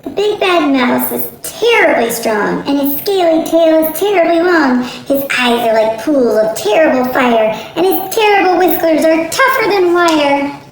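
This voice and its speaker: A woman reading a storybook aloud and voicing a big old father monster who tells tales in a slow, drawn-out way. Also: high-pitched, expressive, pitched above the performer's own voice. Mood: boastful. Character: big old father Gruffalo, gruff and boastful. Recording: roomy echo, faint music.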